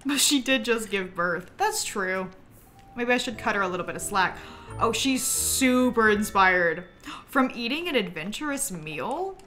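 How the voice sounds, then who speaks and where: A woman's voice: mid-range voice, expressive, measured pace, pushed and bright, soft background music. A young woman streaming a life-simulation game, chatting casually, giggling and talking to the characters on screen. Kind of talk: casual gameplay commentary.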